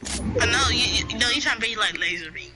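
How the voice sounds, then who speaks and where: A man's voice: animated, a little fast, over music, rough recording. A man chatting with a stranger over game voice chat, stammering and a bit hesitant. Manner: hesitant, stammering, low-key.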